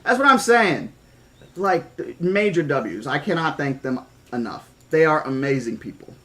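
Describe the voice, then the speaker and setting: Man, live streamer, emotional, stammering, fairly high voice. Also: expressive, measured pace, a bit bright. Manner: emotional, gushing, stammering thanks. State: choked up, near tears. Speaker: streamer reading a novel aloud. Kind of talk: casual live-stream chat.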